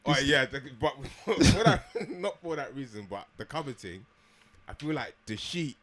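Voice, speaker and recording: A man's voice: mid-range voice, expressive, normal speed, fairly bright tone. A young man, co-hosting a podcast, rambling and laughing in casual chat. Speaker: podcast co-host.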